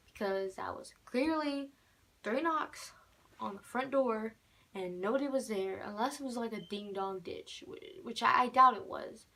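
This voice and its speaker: A woman's voice: fairly high pitch, a little slow, creaky, pushed and bright. A teenage girl telling a casual storytime tale, rambling with many fillers and restarts. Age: teens. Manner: rambling, many fillers, keeps repeating "normal". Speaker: vlogger.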